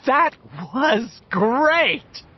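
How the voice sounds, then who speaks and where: A man voicing a spirited young teenage girl who talks brightly and excitedly in a lifted voice. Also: a little high, unhurried, husky, dull audio, heavily acted.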